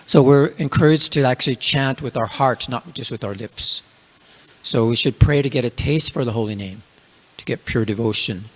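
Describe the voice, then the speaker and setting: Gravelly man giving a casual scripture class. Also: medium pitch. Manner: casual, filler-heavy storytelling. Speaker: religious class speaker.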